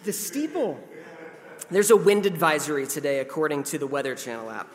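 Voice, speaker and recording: A man's voice: fairly high pitch, animated, fairly quick. A man in his thirties giving a casual, conversational sermon as a pastor, self-deprecating and now and then acting out voices. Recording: long hall reverb.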